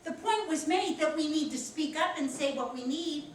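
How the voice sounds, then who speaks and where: A woman with a Philadelphia accent teaching a professional etiquette class, animated and encouraging as she talks with her students. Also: high voice, moderate pace, recorded from a distance, slight background noise. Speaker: instructor. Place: large echoey classroom. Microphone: distant room mic. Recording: echoey room recorded from afar.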